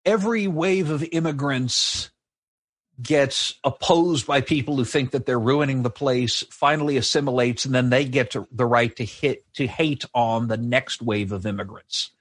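A man's voice: mid-range voice, moderate pace, dry recording. A man co-hosting a history podcast, telling it in a wry, sardonic casual chat. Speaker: podcast co-host. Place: live show.

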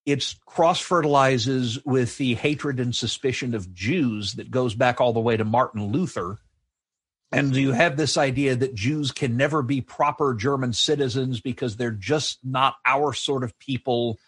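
A man's voice: mid-range voice, a little slow, fairly bright tone, slightly rough, no echo. A man co-hosting a history podcast, telling it in a wry, sardonic casual chat. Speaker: podcast co-host. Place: live show.

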